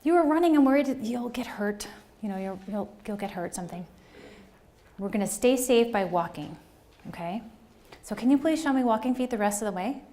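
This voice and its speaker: A woman putting on a gentle elementary school teacher voice, soft, coaxing and sing-song. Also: fairly high pitch, animated, fairly quick.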